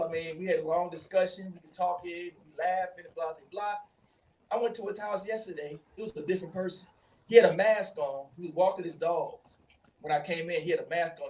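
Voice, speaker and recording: A man co-hosting a casual talk show, telling animated stories and laughing often. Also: sits high, recorded from a distance, rough recording. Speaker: co-host. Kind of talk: casual chat.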